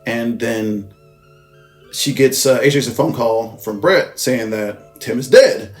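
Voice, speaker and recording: A man's voice: mid-range voice, takes it slowly, soft background music. A man casually recapping a film's plot as a reviewer, rambling, swearing and often correcting himself. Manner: rambling, profane, with frequent self-corrections. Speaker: movie reviewer.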